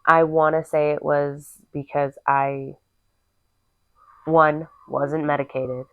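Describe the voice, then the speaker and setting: Teasing low-voiced woman, tinny sound. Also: flat delivery, takes it slowly, dry recording. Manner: teasing, blunt, acts out voices in her stories. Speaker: podcast co-host. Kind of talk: casual chat.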